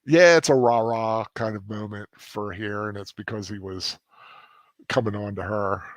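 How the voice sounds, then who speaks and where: A man's voice: lowish voice, normal speed, no room sound. A man from Southern Maryland with a mild local accent, chatting casually as host of a film commentary, rambling and restarting his sentences. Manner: rambling, stops and restarts, laughs at himself.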